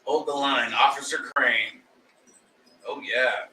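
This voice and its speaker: A man co-hosting a casual chat show, loud and excitable, swearing freely. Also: mid-range voice, slow. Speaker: co-host. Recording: roomy and distant with faint noise.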